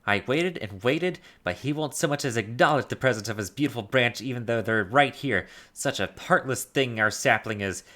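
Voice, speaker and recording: A man reading the lines of a vain, doting fey spirit in a drawn-out, sing-song way, voicing a game character while he plays. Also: mid-range voice, pushed and bright, natural voice. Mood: sulking.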